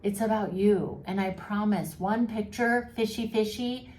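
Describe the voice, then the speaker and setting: A vlogger talks directly to her audience about mental health at a measured pace, her medium-pitched voice darkish in tone. Warm but teasing and a bit sarcastic, she sounds echoey, with faint noise behind her.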